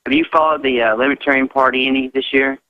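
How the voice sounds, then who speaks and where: A man's voice: mid-range voice, fairly even intonation, fast, no echo. A man calling in to a radio show, talking hesitantly with many fillers. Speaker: caller. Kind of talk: phone-in call. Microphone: telephone. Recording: dry, tinny phone line.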